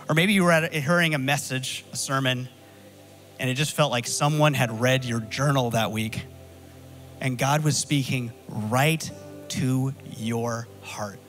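A man's voice: mid-range voice, measured pace, a bit bright, soft background music. A man preaching as pastor, earnestly encouraging his congregation. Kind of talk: sermon.

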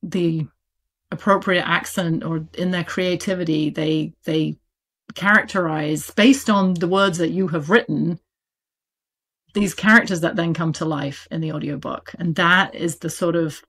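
A woman's voice: on the low side, steady tone, unhurried, fairly bright tone, husky. A woman with a British accent, an audiobook publisher chatting as an interview guest, talking animatedly with plenty of fillers and laughs. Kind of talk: casual interview talk.

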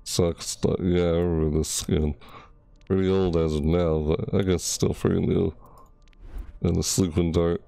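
A man's voice: low-pitched, little pitch movement, a little slow, gravelly, warm tone, no echo. A man hosting a gaming channel and showing off new items in casual commentary. He gushes, gasps and yelps at what he sees, and stumbles over names. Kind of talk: casual game showcase commentary.

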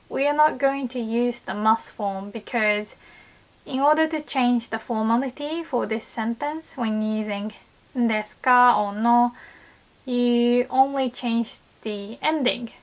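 A woman explaining grammar in a patient, slow way, with a fairly high voice. She moves between English explanations and Japanese example sentences, repeating phrases so they sink in. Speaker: Japanese language teacher. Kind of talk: video language lesson.

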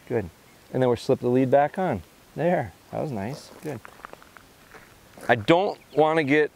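A man explaining his dog training step by step, giving short sit and come commands between calm remarks, recorded outdoors in the countryside. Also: mid-range voice, vocal fry. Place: outdoors in a rural field.

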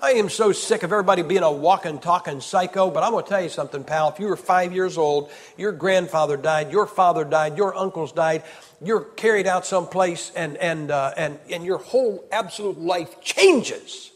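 A male evangelist preaching a sermon in a high, ringing voice, the sound carrying a long reverb from the hall. He keeps asking rhetorical questions and moves from loud, driving declarations to quiet storytelling. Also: fairly quick. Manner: emphatic, rhetorical questions, swings from loud to hushed. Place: large church hall.

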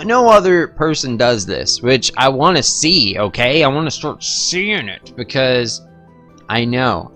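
A young man rambling casually through gameplay commentary, joking and going off on tangents. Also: fairly bright tone. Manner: rambling, joking, talks to his pets in a squeaky baby voice. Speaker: gaming streamer.

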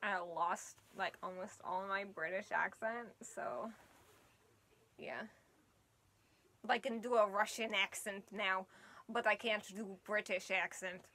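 Speaking slowly with frequent pauses, this cosplay vlogger has a sharp, medium-pitched, fairly even voice. They set up a photoshoot at home in casual vlog chat, speech a bit slurred by costume fangs, tired from an early start, chatty and often laughing before trailing off.

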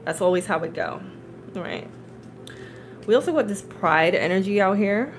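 A woman giving a casual tarot reading, telling a story in a chatty, animated way, laughing often and checking in with her listeners. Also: medium pitch, moderate pace, slight background noise, rough recording. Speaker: tarot reader and spiritual coach.

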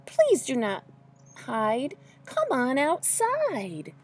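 A bright, eager young bear from a children's storybook, as a woman reading aloud puts him on, calling out question after question and then warmly welcoming a shy new friend. His voice sits high, lively and breathy, swooping up on every question. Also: extremely slow, exaggerated voice.

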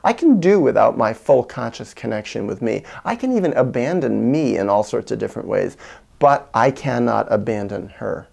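A man recounting a childhood story in a reflective monologue, acting out quoted lines with whispers and bursts of higher pitch. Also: animated, normal speed, creaky, a little mellow. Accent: American. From United States. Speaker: video essayist on parenting.

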